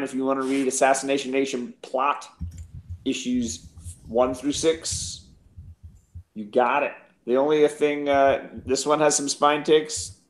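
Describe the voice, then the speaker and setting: A man co-hosting a casual live comic auction, listing his books in a laid-back way. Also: medium pitch. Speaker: co-host comic seller. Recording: echoey room.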